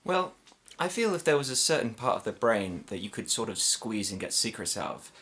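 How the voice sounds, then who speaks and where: Man, southern english accent, low voice, rambling jokey chat, fillers, drifts off mic. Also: very animated, fairly quick, a bit bright. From Ireland. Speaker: comedian guest. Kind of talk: casual podcast chat. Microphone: moves off mic at times.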